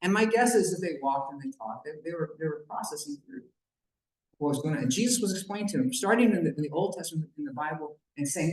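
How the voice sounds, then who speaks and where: A man with a fairly high pitch and lively intonation talks fast while addressing a banquet in an echoey room. In a conversational style, he retells a Bible story and throws in joking asides to the audience.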